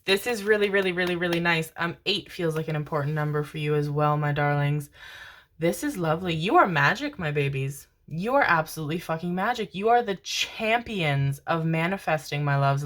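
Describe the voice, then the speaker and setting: Lady doing a pick-a-card tarot reading, lowish voice, super sweet and gushy with the viewers, swears a bit. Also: fairly bright tone. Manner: affectionate, constantly calls viewers "my loves" and "my babies"; swears casually, laughs often. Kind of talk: casual tarot reading to camera.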